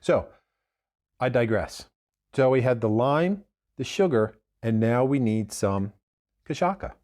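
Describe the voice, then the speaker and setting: A man's voice: mid-range voice, lively intonation, a little slow, darkish tone. Chatty man demonstrating cocktails. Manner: chatty, digressive, self-correcting. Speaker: bartender host.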